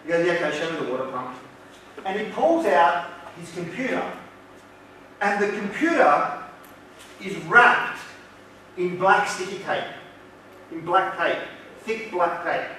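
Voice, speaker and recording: A man's voice: sits high, normal speed, pauses often, fairly bright tone, slight background noise. A man with an Australian accent giving a university lecture, telling a story and acting out its dialogue. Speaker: guest lecturer. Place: lecture hall. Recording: very echoey hall, speaker far from mic.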